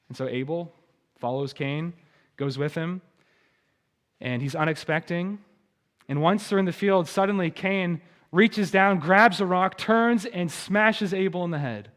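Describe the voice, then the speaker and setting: Pastor guy, fairly high voice, preaching to the congregation and the kids, gets loud on the big points. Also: in a large hall. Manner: swings from quiet to loud emphatic preaching; addresses children in the congregation. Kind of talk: sermon. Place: church sanctuary.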